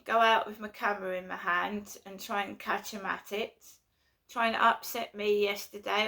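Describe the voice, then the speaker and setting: Angry woman late fifties ranting at home, gravelly, bright edgy voice. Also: medium pitch. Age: 50s. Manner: agitated, swearing, repeats herself. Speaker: vlogger. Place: at home indoors.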